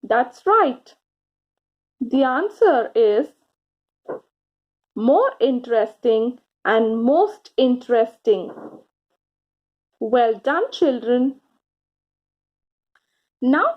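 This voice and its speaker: A woman teaching grammar to children, speaking slowly and encouragingly, stretching out key words and pausing for answers. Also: on the high side, big pitch swings, dull audio. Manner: slow, encouraging, drawn-out words with pauses for answers.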